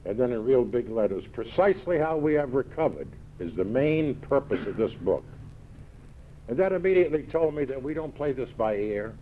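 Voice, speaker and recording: A man with a New York accent telling gruff, punchy stories to a meeting audience, full of quoted one-liners. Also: medium pitch, expressive, normal speed, a little hiss or hum. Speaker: recovery meeting speaker. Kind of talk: storytelling talk to an audience. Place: large event hall. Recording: tinny old 1970s tape recording.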